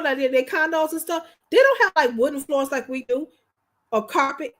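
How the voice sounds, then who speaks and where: High-voiced chatty woman livestreaming. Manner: animated, chatty storyteller addressing viewers directly; informal, slangy speech. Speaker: livestream host. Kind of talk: casual livestream chat.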